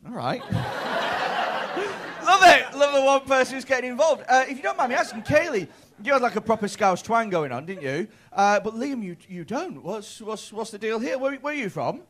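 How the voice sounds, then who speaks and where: Lively, sweary stand-up comic in his thirties. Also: very high voice, normal speed. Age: 30s. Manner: chatty, sweary, stammering restarts. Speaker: stand-up comedian doing crowd work. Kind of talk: stand-up crowd work. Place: comedy club stage.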